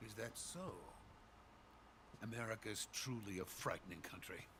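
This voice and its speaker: An actor playing an anxious older scientist in a video game, speaking in an urgent, hushed way. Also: male voice, on the low side, moderate pace, noisy background, natural voice. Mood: wary.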